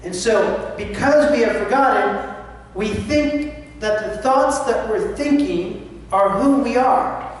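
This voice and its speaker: High-voiced man preaching in echoing hall. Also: slow pace. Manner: impassioned, acts out anxious inner voices. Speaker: spiritual speaker. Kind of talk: sermon. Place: large church hall. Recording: distant mic in a reverberant hall with faint noise.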